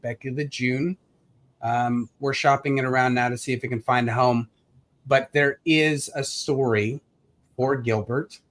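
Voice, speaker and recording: A man who is an author, speaking earnestly and reflectively at a live launch event over a video call, with pauses and filler words. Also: medium pitch, a bit bright.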